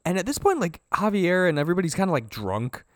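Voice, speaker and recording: A man's voice: high voice, fast, no echo, studio quality. A young man co-hosting a podcast, casually retelling a film's scenes and acting out the characters' lines, with lots of "like". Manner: animated retelling, acting out scenes in quoted voices, frequent "like". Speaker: podcast co-host. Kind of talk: casual film discussion.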